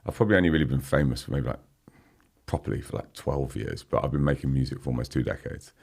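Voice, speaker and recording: Speaking quickly in a rumbling low voice that's husky, a little mellow, and marked by vocal fry, this man in his forties is a guest musician on a podcast. In the studio he chats casually, laughs often, and says "you know what I mean" a lot.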